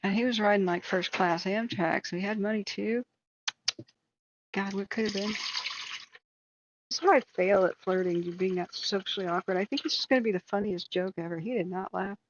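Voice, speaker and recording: A woman's voice: mid-range voice, muffled recording, slight background noise. A woman host on a live stream, telling a long self-deprecating story in a rambling way with many fillers. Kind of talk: casual storytelling.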